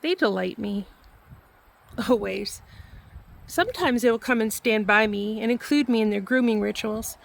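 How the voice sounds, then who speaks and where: A middle-aged woman hosting her own channel, telling a personal story softly and reflectively, laughing now and then. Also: on the high side, vocal fry, a little hiss or hum. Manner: soft, reflective, laughs often. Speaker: vlog host and storyteller. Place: at home near a barn.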